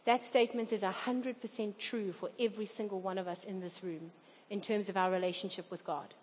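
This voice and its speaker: A woman preaches briskly to a congregation in a church hall, her medium-pitched voice fairly even in intonation and her tone earnest. She sometimes acts out quoted voices. The dull, reverberant recording carries a little hiss or hum.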